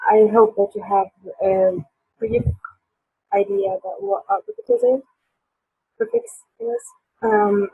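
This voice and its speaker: A woman's voice: mid-range voice, husky, dry recording. A woman teaching an online English lesson, hesitant with many fillers, her voice sore. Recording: tinny phone-like line.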